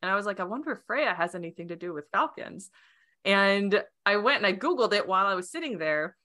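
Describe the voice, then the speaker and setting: A woman guest telling a personal story in casual chat, animated, with lots of "you know" and "like". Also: medium pitch, fairly quick. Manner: animated, acts out quoted voices; many fillers like "you know" and "like". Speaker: podcast guest.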